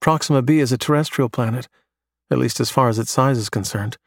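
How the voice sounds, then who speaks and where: A man voicing a bright young male pupil who recites facts eagerly. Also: mid-range voice, a little fast, gravelly, dry recording, clean studio sound. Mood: earnest.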